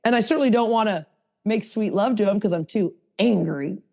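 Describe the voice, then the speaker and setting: Speaking a little fast with a creaky, darkish tone, a podcast host teaches a hands-on workshop in a casual way. She's blunt and self-mocking, moving between low asides and high emphatic bursts into a podcast mic.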